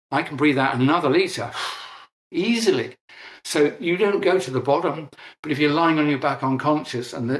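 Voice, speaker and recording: Man explaining in an echoey room. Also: on the high side. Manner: explanatory, self-correcting, emphatic. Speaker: interview guest. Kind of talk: conversational explanation.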